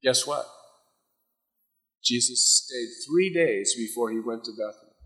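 Bright-voiced preacher in a reverberant hall. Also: male voice, mid-range voice, measured pace. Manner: acts out biblical figures' voices mid-sermon. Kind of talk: sermon.

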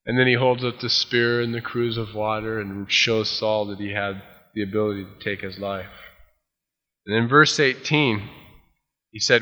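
A man preaching, reading scripture aloud and then retelling it with lively acted-out voices. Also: fairly low pitch, moderate pace, big-room sound. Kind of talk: expository Bible teaching.

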